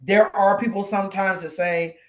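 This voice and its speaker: A woman guest co-host gives her personal testimony on a live show, speaking at a moderate pace in a medium pitch. Animated, she imitates the voices of the people involved.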